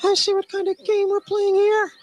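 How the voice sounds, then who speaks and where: A woman doing a shrill flirty dame. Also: completely flat delivery, normal speed, a little mellow, faint music behind, low-quality recording. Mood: furious. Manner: sing-song sweet talk, slangy.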